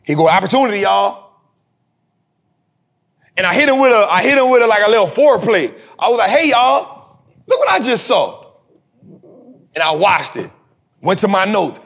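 Animated husky man preaching about money. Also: high-pitched, normal speed, pauses often. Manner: animated, preachy, repetitive, addresses co-host by name. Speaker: podcast host. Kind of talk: motivational talk on investing.

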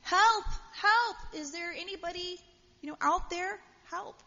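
A woman doing a panicked man yelling from a cliff. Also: very high voice, measured pace, voice pushed up, exaggerated voice. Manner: frantic yelling for help. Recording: dull sound with long hall reverb.

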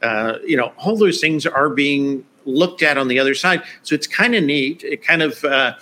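A man in a casual live-stream chat who talks in a relaxed way, often laughing and tagging his points with "right?". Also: fairly high pitch, moderate pace. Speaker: LinkedIn expert co-host.

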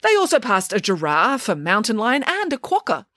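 A woman's voice: fairly high pitch, wildly swooping pitch, moderate pace, pushed and bright, no echo, clean studio sound, exaggerated voice. Woman doing a grand, lecturing pig nanny. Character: self-important female flying pig nanny. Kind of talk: storybook reading.

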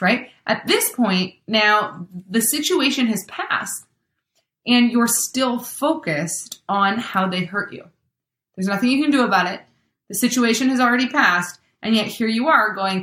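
A woman's voice: medium pitch, moderate pace, a bit bright, reverberant. A woman giving a chatty motivational talk, acting out everyday scenarios with exclamations.

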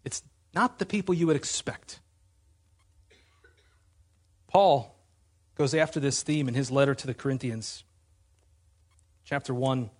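A man's voice: medium pitch, unhurried, long pauses, husky. A man preaching a sermon as pastor, earnest and emphatic, asking his listeners rhetorical questions.

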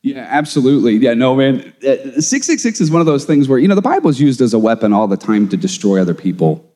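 A man talks theology in a loose, conversational way, animated and emphatic as he tells his stories. His voice sits at an ordinary middle pitch. The room behind him rings with a long reverb. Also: quick pace. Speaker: theology teacher. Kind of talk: casual podcast conversation.

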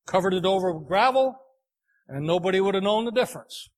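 A man preaching a sermon, telling a folksy farm story in an unhurried, homespun way. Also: high-pitched, expressive.

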